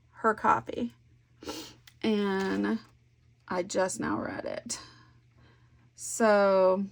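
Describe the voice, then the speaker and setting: A woman talking casually to her viewers while she crafts, her mid-pitched voice carrying a gravelly, creaky texture. She rambles through stories in an easygoing, conversational way, slipping into soft asides to herself. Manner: chatty, warm storytelling with soft asides. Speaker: scrapbooking vlogger.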